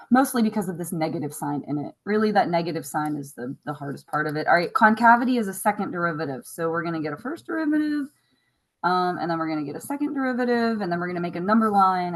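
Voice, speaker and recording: A woman teacher going over a math test on a recording, chatty and wry, thinking out loud as she works. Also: medium pitch, low-quality recording. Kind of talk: recorded classroom lesson review.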